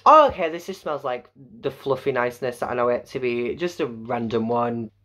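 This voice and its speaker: A man's voice: expressive, a little fast, sharp tone. A young man from Yorkshire with a Yorkshire accent, chatting casually and going off on tangents in a home makeup vlog. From Yorkshire, England. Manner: chatty and tangential, with sudden high exclamations. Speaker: vlogger. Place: home bedroom.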